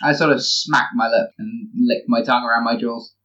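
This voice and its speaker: A player narrating a character's sly actions in a tabletop game, playful and relaxed. The voice sits at a middle pitch. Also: moderate pace, muffled recording. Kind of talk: tabletop role-play chat.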